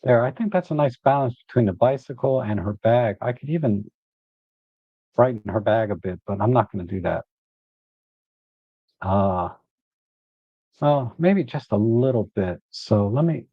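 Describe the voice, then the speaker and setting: Man, live photo editing walkthrough, relaxed think-aloud, dull lo-fi sound, dry. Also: mid-range voice, normal speed, long pauses, dry recording.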